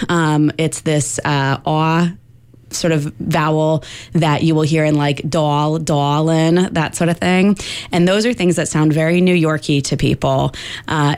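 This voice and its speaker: A woman linguistics professor answering radio interview questions in a clear, measured, explanatory way. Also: low voice, no echo.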